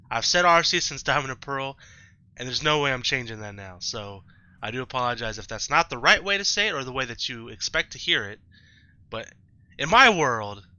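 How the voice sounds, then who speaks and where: Recorded at home on a slightly muffled lo-fi microphone, this let's-play host talks chattily over relaxed gameplay, wandering off and frequently fixing his own words. His voice has a medium pitch and a sharp edge.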